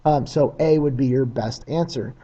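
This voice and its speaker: A man's voice: mid-range voice, normal speed, dark tone, lo-fi sound. A man teaching a recorded test-prep lesson in a plain, practical way, with frequent uhs and ums.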